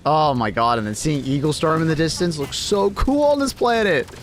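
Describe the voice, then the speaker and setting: A man's voice: on the high side, lively intonation, normal speed, a little hiss or hum. A man chatting casually on a game live stream, talking to his cat and swearing now and then.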